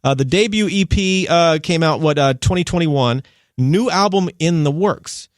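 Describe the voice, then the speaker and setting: A man's voice: fairly high pitch, normal speed, no echo, studio quality. An American man hosting a radio show, asking loose, rambling questions in an upbeat, casual way. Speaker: radio host.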